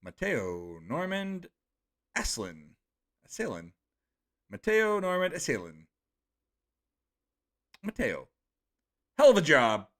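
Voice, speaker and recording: A man's voice: fairly high pitch, wildly swooping pitch, slow, pauses often, fairly bright tone. A man on a live stream reading out viewer comments and chatting about them in a casual, offhand way. He swears freely and stumbles over unfamiliar names.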